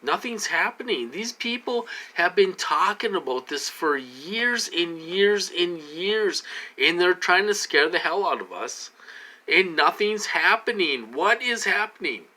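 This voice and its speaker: A man rambling in a repetitive monologue to camera, full of restarts, slightly tipsy from a drink, swinging from loud outbursts to low muttering. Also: expressive, measured pace. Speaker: vlogger.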